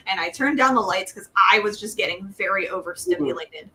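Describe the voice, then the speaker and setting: Young woman, bright tense voice, animated storytelling, distant mic with faint noise. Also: mid-range voice, fairly quick, few pauses. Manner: animated storyteller, laughs often. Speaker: co-host of a live stream talk show. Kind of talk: casual conversational chat.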